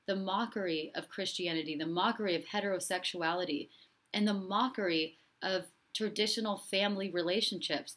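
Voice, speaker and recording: Impassioned woman host, low-pitched. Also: a bit bright. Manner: impassioned, repetitive, reads out viewer comments. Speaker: host and relationship coach. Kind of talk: live-stream political commentary.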